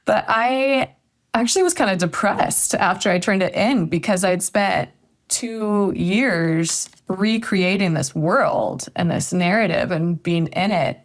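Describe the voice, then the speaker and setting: A woman author, a guest on a podcast, telling a story in a reflective way and often hedging with "I think". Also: on the low side. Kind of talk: podcast interview conversation.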